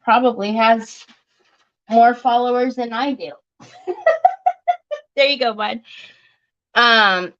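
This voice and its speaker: A woman's voice: fairly high pitch, slow pace, long pauses, a bit bright, dull audio. A woman hosting a crafting livestream, chatting casually and joking at her own expense while she works. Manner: chatty and self-mocking, often laughing.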